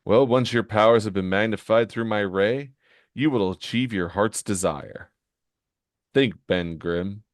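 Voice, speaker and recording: A man voicing a scheming, gloating male comic villain, smug and measured, in a low voice. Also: dry recording, clean studio sound, close to an everyday voice. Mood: persuasive.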